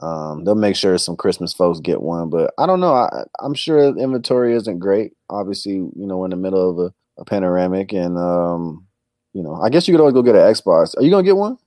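A man's voice: low voice, very animated, brisk, warm tone, no echo, clean studio sound. A man co-hosting a podcast in casual chat, loose and joking, often calling his partner "man". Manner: laid-back, loose and joking, says "man" a lot. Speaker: podcast co-host.

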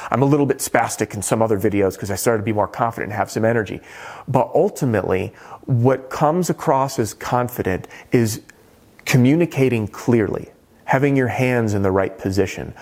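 A man's voice: fairly low pitch, darkish tone. A middle-aged man coaching on roofing sales, talking energetically and shifting his tone and pace to make his points. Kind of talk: coaching monologue to camera.

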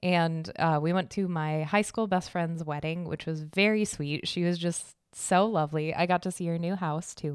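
A woman's voice: on the low side, clear, resonant tone, no echo, studio quality. A young woman from Arizona, a podcast host giving casual life updates, chatty and swearing freely with frequent laughs.

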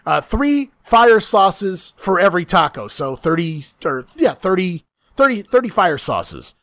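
A man's voice: sits high, sing-song, a little slow, fairly bright tone, no room sound. A man hosting a casual chat, telling a long profane story, often laughing and acting out the lines he quotes.

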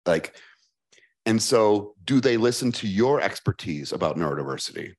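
Lively, animated man with a Chicago accent. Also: lowish voice, moderate pace. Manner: animated, playful, acts out quoted voices. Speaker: speaker answering audience questions. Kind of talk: live fireside Q&A.

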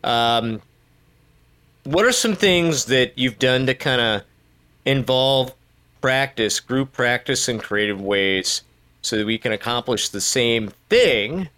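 A man's voice: medium pitch, animated, unhurried, sharp tone. A man hosting a casual podcast about training. He speaks in a chatty way, full of asides and filler words. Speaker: podcast host.

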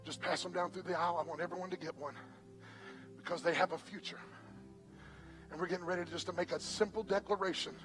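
A man's voice: sits high, fairly even intonation, fast, long pauses, fairly bright tone, faint music behind, poor audio. A male pastor preaching a sermon in a church, telling a joke and directing helpers in an emphatic way. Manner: emphatic, storytelling.

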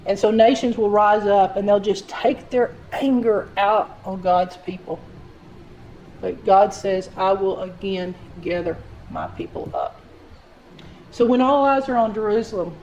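A woman preaches in a medium-pitched voice, reading Bible passages and then explaining them. She talks to her listeners in a direct, earnest, conversational way. There is a faint hiss of noise underneath. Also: a little mellow, muffled recording. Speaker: Bible teacher. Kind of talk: sermon reading and explaining scripture.

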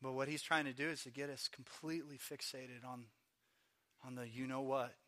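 A man preaching a sermon in a church, telling stories with animated acted voices. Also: medium pitch, normal speed. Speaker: pastor.

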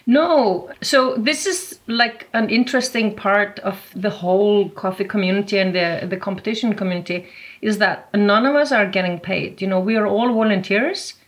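A woman speaks in a mid-range voice, chatty and relaxed in conversation. She leans on fillers like "you know" and "like" as she answers. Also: mid-range voice, normal speed. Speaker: interviewee, competition volunteer.

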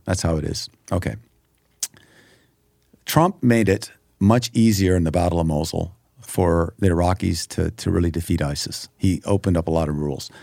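Speaking at normal speed in a low, creaky, dark voice, a middle-aged man from the United States shares his personal story on a podcast. He is earnest and emphatic, performing the prayers and conversations he quotes, in studio-quality audio with no room sound.

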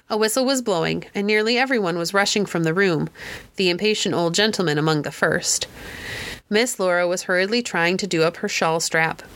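A woman narrating a classic novel as an audiobook, in a gentle, unhurried storytelling manner. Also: mid-range voice. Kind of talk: audiobook reading.

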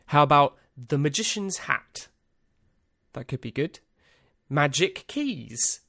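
A man's voice: on the high side, lively intonation, slow pace, creaky, bright, forceful tone, no echo. A man hosting a podcast, reading out a list in a rambling, dry, self-amused way with lots of ums and uhs. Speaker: podcast host. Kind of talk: casual solo podcast monologue.

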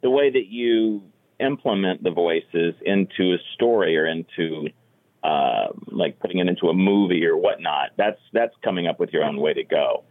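A man's voice: low voice, normal speed, narrow, tinny audio. A middle-aged man, a stand-up comic and impressionist, earnestly explaining comedy in casual podcast talk. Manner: earnest, explanatory, repeats "you know".

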